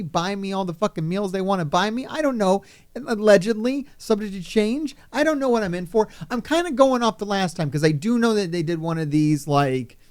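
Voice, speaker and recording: A man who runs a gaming channel, talking off the cuff in an excitable, rambling vlog full of swearing. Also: high-pitched, clear, resonant tone. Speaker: gaming YouTuber.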